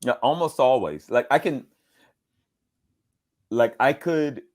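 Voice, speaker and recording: A middle-aged man from the American South, a voice actor telling animated stories in a casual interview. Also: slow pace. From Southern United States, Georgia. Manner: animated storyteller, leaps up high when quoting people. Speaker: voice actor guest.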